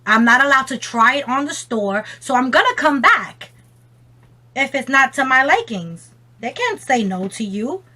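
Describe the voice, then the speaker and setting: A woman's voice: high-pitched, very animated, unhurried, sharp tone. A young woman vlogging about makeup at home while on a phone call, talking in a rambling, slangy, profane way and laughing often. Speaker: beauty vlogger.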